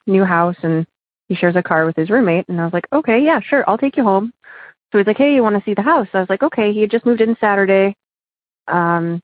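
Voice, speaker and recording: A woman's voice: fairly low pitch, dry recording. A woman calling in from Ohio, chatting through a story with many fillers and laughs. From Ohio, USA. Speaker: caller. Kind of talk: casual phone-in story. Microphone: phone. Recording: tinny dry phone line.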